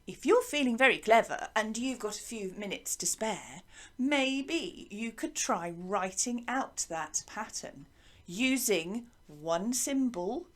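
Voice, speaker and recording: Lively, sing-song woman teaching young children. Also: a little high, slow. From England. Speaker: primary school music teacher. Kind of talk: online lesson for young children.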